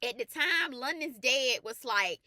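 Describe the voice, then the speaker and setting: A woman who works as a faith life coach shares a personal testimony, animated and colloquial at first, then turning to earnest preaching with repeated emphatic phrases. Her voice sits high and she's unhurried, in clean studio sound with no echo.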